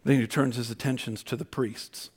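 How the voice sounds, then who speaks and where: A man preaching a sermon as pastor, humorous and conversational, swinging between loud emphasis and quiet asides. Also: mid-range voice, steady tone, moderate pace, breathy edge.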